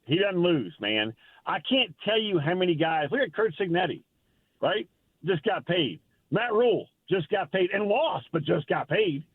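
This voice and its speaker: A man chats about college football on a tinny phone line. His voice rides a lively, rather high pitch, and he stumbles and repeats himself as he pushes his points. It sounds plain and dry, with no room behind it. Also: moderate pace, slightly rough, no room sound. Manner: animated, emphatic, folksy, stumbles and repeats words. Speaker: college football reporter, guest. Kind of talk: casual sports radio chat. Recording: phone-line call-in audio.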